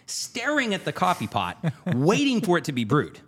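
A man hosting a podcast, telling a story in a casual, animated way and repeating phrases for emphasis. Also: a little high, normal speed, husky. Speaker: podcast host.

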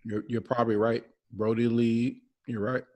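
A man talking casually about wrestling as a podcast co-host, animated and rambling, often repeating himself. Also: mid-range voice, normal speed.

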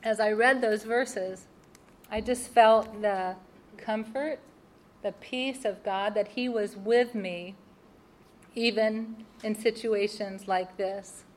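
Expressive woman telling a personal story. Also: medium pitch, slow pace. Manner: expressive, laughs at her own mishaps. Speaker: speaker sharing a personal testimony.

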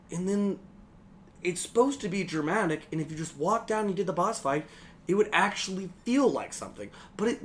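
A young man co-hosting a podcast, ranting casually about a video game in a sarcastic, animated way, swearing freely and acting out lines. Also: high-pitched. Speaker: podcast co-host. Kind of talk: casual game critique chat.

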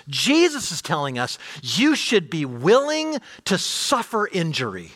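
A middle-aged man preaching a sermon to his congregation, animated, with rhetorical questions and rising intensity. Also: high-pitched, measured pace, few pauses. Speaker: pastor.

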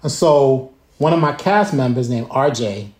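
A man telling a profane, animated story as a guest on a video call, acting out voices and drum sounds. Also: mid-range voice, unhurried, reverberant.

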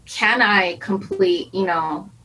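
A woman's voice: mid-range voice, takes it slowly, sharp tone, rough recording. A woman talking candidly in an interview as a karate student, anxious and rambling, often restarting and quoting her own worried thoughts. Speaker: karate student preparing for black belt.

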